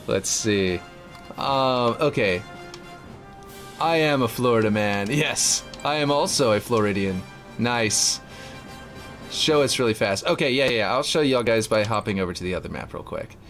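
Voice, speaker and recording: A man's voice: mid-range voice, animated, unhurried, long pauses, a bit bright, soft background music. A man from Louisiana with a light Louisiana accent, chatting casually and rambling while he builds a game map on a livestream. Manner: rambling, lots of fillers, laid-back.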